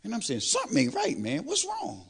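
An older man preaches from his own life. His high voice leaps up and down, and it swells loud on the praise lines. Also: wildly swooping pitch, a little fast, creaky, husky. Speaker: lay preacher. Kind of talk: sermon testimony.

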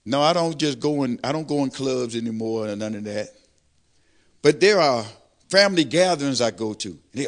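An older man preaching a testimony sermon, animated, swelling louder on praise lines. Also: mid-range voice, normal speed. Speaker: lay preacher.

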